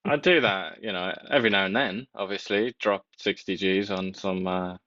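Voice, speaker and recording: A man's voice: low voice, steady tone, normal speed, bright, forceful tone, no echo, highs cut off. A man co-hosting a political talk show, speaking wryly and joking dryly. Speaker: co-host. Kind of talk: casual political chat.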